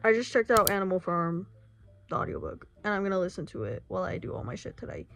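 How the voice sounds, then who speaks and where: A woman's voice: fairly low pitch, big pitch swings, quick pace, vocal fry, soft background music. A young woman in her late teens talking to camera in a casual vlog, anxious and rambling, swearing often. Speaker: book vlogger.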